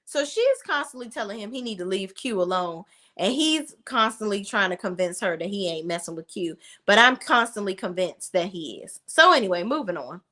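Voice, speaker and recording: A woman's voice: medium pitch, animated, moderate pace, sharp tone. A woman hosting a casual TV recap vlog, blunt, profane and opinionated, acting out the characters' lines. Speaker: reality TV recap host.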